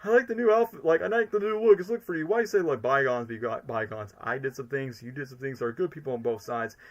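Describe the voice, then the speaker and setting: A man doing an impression of a theatrical mad-scientist villain from a film, in a high, strained voice. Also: quick pace, lightly acted. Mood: mocking.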